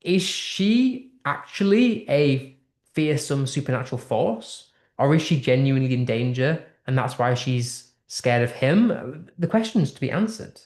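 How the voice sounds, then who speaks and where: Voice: medium pitch, animated, unhurried, a little mellow. A tutor with a British accent explaining a text in a lesson, posing strings of rhetorical questions and thinking aloud with restarts. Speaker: English literature tutor. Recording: roomy echo.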